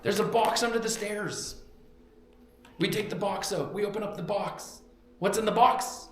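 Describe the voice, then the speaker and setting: A man's voice: sits high, moderate pace, a little hiss or hum. A young man preaching a sermon in a church, telling a story animatedly and acting out the quotes. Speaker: pastor. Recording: very echoey church hall.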